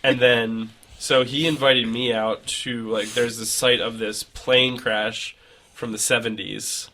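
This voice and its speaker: A young man co-hosting a laid-back podcast rambles through a travel story packed with fillers. His mid-range voice holds a level yet sharp tone, and he speaks slowly.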